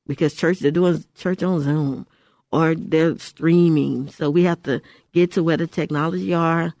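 A woman's voice: low-pitched, normal speed, dark tone, no room sound. An older woman hosting Christian radio from a studio mic, her voice dry and close. She is from Houston and speaks with emphatic exhortation, doubling back on phrases to drive them home. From Houston, Texas. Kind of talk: radio ministry talk.

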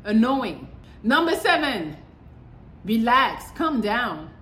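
Young woman host, higher voice, blunt and swearing, echoey room with faint background hum. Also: sing-song, slow, fairly bright tone. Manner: blunt, profane, exasperated. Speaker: podcast host. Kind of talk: casual monologue.

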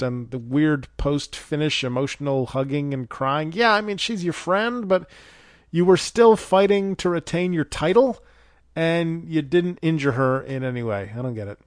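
A man's voice: on the high side, no room sound. A man hosting a podcast, reading a scripted wrestling recap with dry, sarcastic, profane asides. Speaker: podcast host reviewing wrestling shows.

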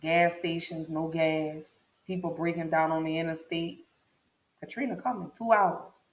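This woman shares a personal story on her vlog, talking directly to the audience and restating things for emphasis. Her low-pitched voice is fairly even in intonation and a little slow, captured in an echoey space.

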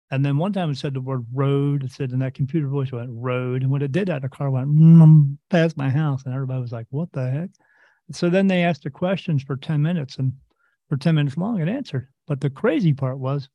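A man's voice: a little high, dry recording. A man, a host and medium, telling a casual story in a rambling way and acting out what others said. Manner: rambling, acts out quoted voices. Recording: dull, dry lo-fi recording.

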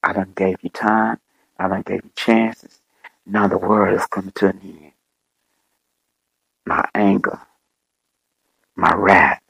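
A man preaching in the voice of a stern, wrathful Jesus who is judging sinners, speaking in slow, grave pronouncements. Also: low voice, level tone, gravelly, fairly bright tone, slightly rough, no room sound, heavily acted, rough recording.

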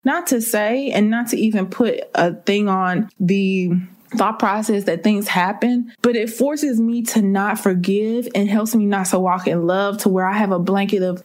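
A woman's voice: mid-range voice, a little slow, darkish tone. A woman preaching a sermon with impassioned, repeated rhetorical questions.

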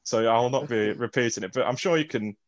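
A man's voice: medium pitch, a little fast, no room sound, muffled recording. A man in the middle of his range tells a story on a podcast, stopping and restarting and poking fun at himself. The sound is close and dry. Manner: hesitant, self-deprecating, many fillers. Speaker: podcast co-host. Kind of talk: casual storytelling chat.

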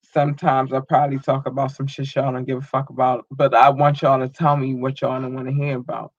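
A man hosting a podcast, giving casual shout-outs to his listeners and talking in a loose, emotional way with a lot of swearing. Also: mid-range voice, flat delivery, brisk, no room sound, dull audio. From United States. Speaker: podcast host.

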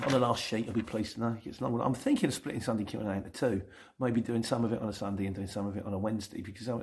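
A middle-aged man with a London accent talks through viewer questions on his channel. His voice sits in a mid range with a gravelly, creaky texture. He rambles along in a chatty, self-mocking way. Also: medium pitch, darkish tone, slight background noise. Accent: London English. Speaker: YouTube channel host. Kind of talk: casual Sunday Q&A reading viewer comments.

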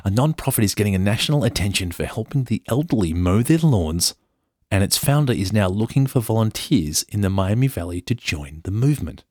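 A man's voice: fairly low pitch, lively intonation, a little fast, darkish tone, dry recording, studio quality. An English man hosting a podcast, reading a news story aloud with chatty, joking asides. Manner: chatty, playful, jokey. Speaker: podcast host.

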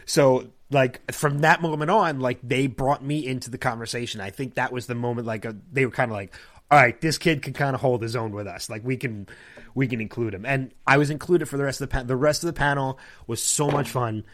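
Animated man telling a story. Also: mid-range voice, fairly quick. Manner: animated anecdote-telling, acting out others' lines. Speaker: podcast host. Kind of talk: casual storytelling chat.

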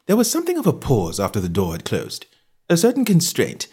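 A man reading a comic novel aloud in the first person. His delivery is jaunty and wry, and he swings his pitch widely. The voice has a husky edge. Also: wildly swooping pitch, brisk, a little mellow. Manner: jaunty, wry storytelling with varied character voices. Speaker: audiobook narrator.

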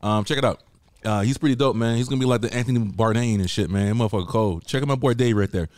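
A man co-hosting a podcast, loud, profane and joking in casual chat. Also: lowish voice, fast talker, no echo, studio quality. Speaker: podcast co-host. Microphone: studio mic.

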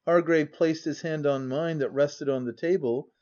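A man narrating a classic novel in an even, measured first-person reading. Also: fairly high pitch. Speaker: audiobook narrator. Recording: dull lo-fi audiobook recording.

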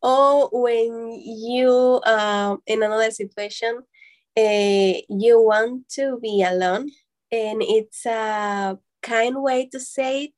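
A woman with a Mexican Spanish accent, a native Spanish speaker, explaining sayings in halting English and laughing often. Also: on the high side, steady tone, a little mellow. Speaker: guest. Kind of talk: casual chat.

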